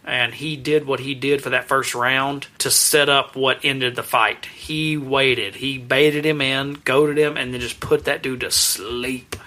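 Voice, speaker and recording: A man co-hosting a movie podcast, telling stories in a profane, animated way. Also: medium pitch. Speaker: podcast co-host. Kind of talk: casual chat.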